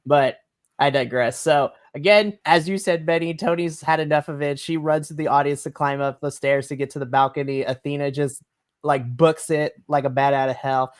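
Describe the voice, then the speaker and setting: A podcast co-host giving a casual, animated wrestling review, laughing often and trailing off mid-sentence. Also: medium pitch, normal speed.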